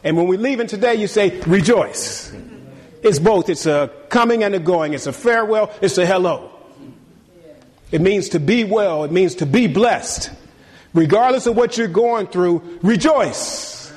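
High-voiced animated pastor preaching. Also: male voice, moderate pace, breathy edge, in a large hall. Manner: animated preaching, repeats phrases, talks to the congregation. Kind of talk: sermon. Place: church sanctuary.

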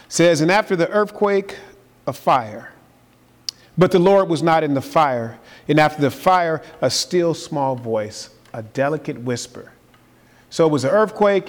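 A man preaches to his congregation, his voice pitched high. He repeats his key phrases and builds to forceful, emphatic peaks. The sound rings with the long reverb of a large church sanctuary. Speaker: pastor. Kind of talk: sermon.

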